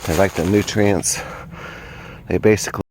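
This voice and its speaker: A man's voice: sits low, steady tone, normal speed, a little mellow, a little hiss or hum. Man rambling in the woods. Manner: rambling, musing. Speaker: vlogger. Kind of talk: casual outdoor vlog. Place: woods outdoors.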